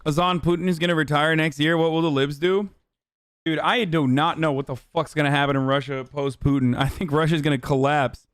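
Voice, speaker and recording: A man's voice: fairly high pitch, steady tone, brisk, clean tone, no room sound, studio quality. A man in his thirties streaming casual, profane political commentary, ranting heatedly and sarcastically at a desk microphone. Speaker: streamer reacting to news.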